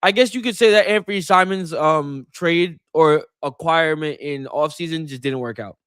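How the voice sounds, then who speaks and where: Casual sports co-host, male, higher-pitched and animated, exasperated, dry recording. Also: moderate pace, clear, resonant tone, no echo.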